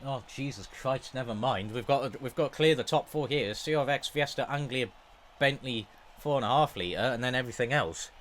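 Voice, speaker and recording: A young man giving excitable, fast-moving play-by-play of his own racing game, swearing when things go wrong. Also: mid-range voice, a little hiss or hum. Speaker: gaming YouTuber. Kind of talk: live racing game commentary.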